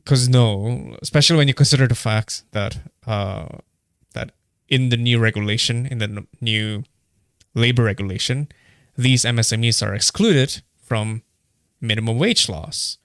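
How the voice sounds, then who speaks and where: A man's voice: mid-range voice, moderate pace, a bit bright, clear, resonant tone, no room sound. Man from Indonesia with a dry close mic. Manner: heated, blunt, swears freely; hesitant, many fillers. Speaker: streamer reacting to a live broadcast. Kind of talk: casual commentary.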